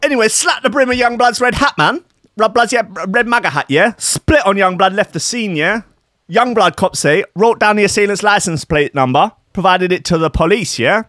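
Bloke doing a cocky youngster, way higher than his own voice, dry sound. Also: moderate pace, fairly bright tone, no room sound. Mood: taunting. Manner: taunting, keeps tagging lines with "yeah?". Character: young male street-slang tough guy, brash.

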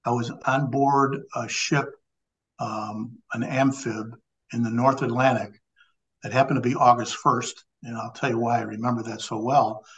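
A man in his seventies from Illinois, USA, a former law enforcement official and Navy veteran, guests on a podcast. His mid-range voice is steady and fairly bright at normal speed, though the recording is low quality. He tells a long anecdote conversationally, rambling with many restarts.

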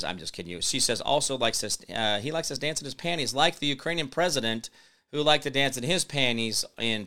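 A middle-aged man hosting his own show, reading an article aloud and mocking it, breaking into loud outbursts. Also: mid-range voice, smooth. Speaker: show host. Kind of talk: solo commentary reading an article.

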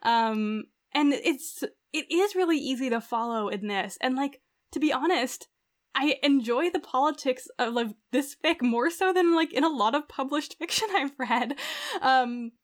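A woman's voice: high voice, unhurried. A woman co-hosting a podcast in casual chat, chatty and full of fillers. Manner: chatty, lots of "like" and "um". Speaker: podcast co-host.

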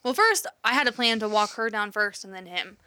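A woman's voice: mid-range voice, lively intonation, a little fast, sharp tone, clear, resonant tone. A woman in her thirties chatting casually, telling a story animatedly and swearing freely. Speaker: podcast co-host, mother. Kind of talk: casual chat.

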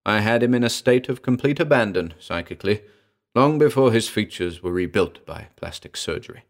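A man voicing an eccentric male mad scientist who chatters fussily and breaks into shrill shouts. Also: expressive, brisk. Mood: confiding.

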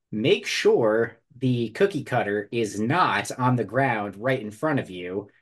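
A man on a casual podcast delivers a story in a mock-solemn tone. His voice is husky and moves up and down in pitch with plenty of life. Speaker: podcast co-host. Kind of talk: casual chat.

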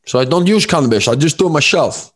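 An Englishman putting on a generic Dutch accent to play a calm older breathing coach. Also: a little high, quick pace, slightly rough, voice pushed up. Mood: cheerful. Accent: generic Dutch, put on.

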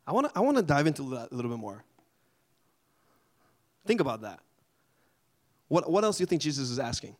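A man leading a group Bible study in a casual, animated way, often asking the group questions. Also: fairly high pitch, a little fast, pauses often.

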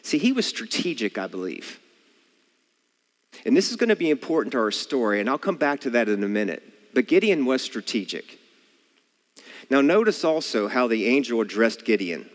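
A man's voice: mid-range voice, sing-song, moderate pace, pauses often, long reverb tail. A man preaching a sermon, earnest and asking the listeners rhetorical questions.

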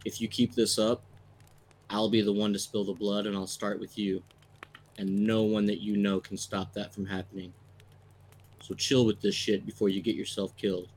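A blunt, menacing guard, played by a man in a tabletop game, issuing threats in a clipped, level way. The voice sits low and barely moves in pitch. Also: flat delivery, moderate pace, a little mellow, slight background noise, close to an everyday voice. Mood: threatening. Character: menacing adult male guard, cold and blunt.

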